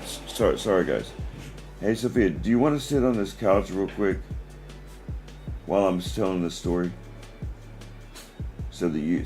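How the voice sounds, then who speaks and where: Man in his forties, livestream host, very low pitch and lively delivery, a rambling storyteller, faint music underneath. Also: gravelly. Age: 40s. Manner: rambling storytelling with many restarts. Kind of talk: casual livestream chat.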